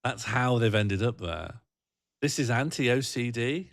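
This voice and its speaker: A man's voice: mid-range voice, expressive, a little slow, no room sound, clean studio sound. A British man hosting a livestream, chatting casually and reading out viewer comments in a rambling, jokey, self-mocking way. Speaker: livestream host.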